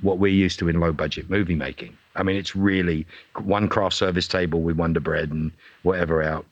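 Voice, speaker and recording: A man, an actor being interviewed, telling animated stories and acting out what people said. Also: sits low, a little fast, no echo, dull audio. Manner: animated, acts out quotes in voices. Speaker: actor guest. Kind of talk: casual interview storytelling.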